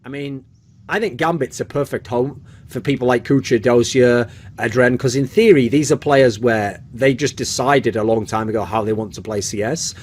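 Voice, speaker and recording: A man giving blunt, animated opinions on a podcast, swearing freely and punctuating points with "okay?". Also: medium pitch, moderate pace, breathy edge. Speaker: esports podcast host.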